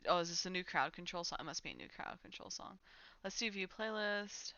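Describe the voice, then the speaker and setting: Bright-voiced woman streamer, chatty. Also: lowish voice, brisk, dry recording, dull audio. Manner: chatty, laughs often, talks to her cat. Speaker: Twitch streamer. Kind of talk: casual live-stream chat. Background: faint music from a playlist.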